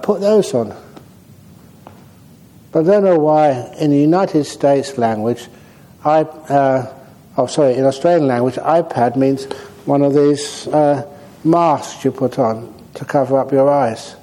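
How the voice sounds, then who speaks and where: A man, a Buddhist monk, giving a relaxed, humorous dharma talk on meditation in a meditation hall. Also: mid-range voice.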